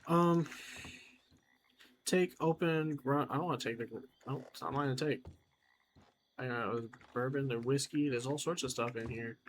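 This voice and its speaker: A man's voice: medium pitch, normal speed, pauses often, slight background noise. A man giving let's-play commentary, chatty and wry, talking to himself as he explores. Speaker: gamer.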